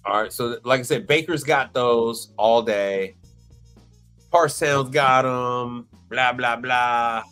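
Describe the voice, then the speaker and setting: A man hosting a live stream on commercial appliance repair, reading through inspection reports with excitable, theatrical exclamations. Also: medium pitch, takes it slowly, clear, resonant tone, soft background music.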